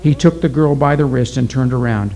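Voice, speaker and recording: A man narrating a story aloud in a steady, deliberate reading style. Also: mid-range voice, poor audio.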